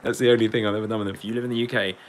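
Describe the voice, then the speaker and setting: A man's voice: lowish voice, little pitch movement, rapid-fire, slight background noise. A man and beatboxer chatting casually on a live stream. He rambles, jokes, swears freely and often breaks into laughter. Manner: rambling, jokey, swears a lot, cracks up laughing.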